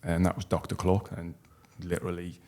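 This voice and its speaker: A man, telling a personal story as a podcast guest in a halting, heartfelt way with many restarts. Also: low voice, monotone, dark tone. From North East England. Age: 40s.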